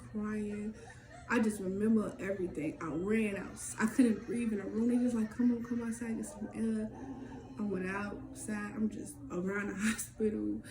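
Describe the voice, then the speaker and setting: A woman telling a personal story in casual talk, candid and swearing freely, acting out what others said in quick lively bursts. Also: mid-range voice. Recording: echoey room with faint background noise.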